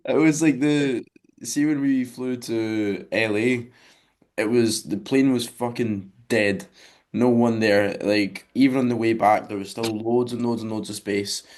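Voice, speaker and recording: A man's voice: medium pitch, steady tone, unhurried, darkish tone. A young man co-hosting a podcast, telling a story in a laid-back, sweary way. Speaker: podcast co-host. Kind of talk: casual chat.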